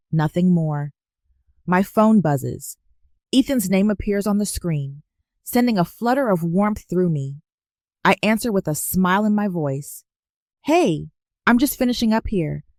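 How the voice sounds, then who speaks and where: A woman narrating a first-person story as scripted narration in a measured, even storytelling delivery. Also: on the low side, no echo, clean studio sound.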